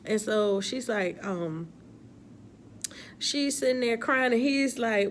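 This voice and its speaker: A woman's voice: on the high side, expressive, slow pace, a little hiss or hum. A woman giving a casual, exasperated recap of a TV episode with laughing asides. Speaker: TV episode reviewer.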